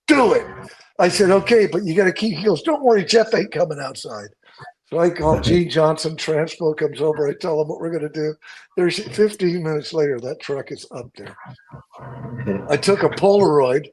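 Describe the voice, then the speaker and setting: A man, a stunt coordinator, telling profane, lively stories from a film set and acting out other people's lines. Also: a little high, rough recording.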